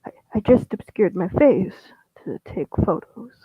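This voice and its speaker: Halting male storyteller who stammers through his own tale, slow and husky, recorded dry over thin phone-quality audio. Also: high-pitched, lively intonation, no echo. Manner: halting, stammering, with many restarts; drops into an unvoiced whisper at times. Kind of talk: first-person story reading.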